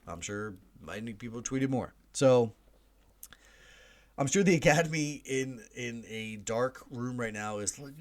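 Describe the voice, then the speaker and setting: A man's voice: medium pitch, sing-song, fairly quick. A man hosting a movie podcast, talking casually and animatedly, with chatty jokey asides and big swings for emphasis. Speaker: podcast host.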